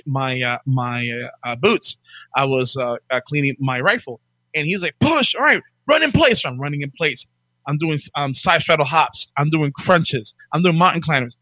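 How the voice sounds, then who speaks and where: A man in his forties telling stories in a casual chat, animated, barking out impressions of drill instructors. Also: a little high, dry recording. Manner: animated, acts out drill instructors in loud barks. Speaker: podcast guest telling his life story.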